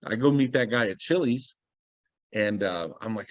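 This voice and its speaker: A man's voice: lowish voice, brisk, no room sound. A man speaking as a guest on a video call, telling a story with energy and acting out what people said. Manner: animated storyteller, acts out quoted dialogue.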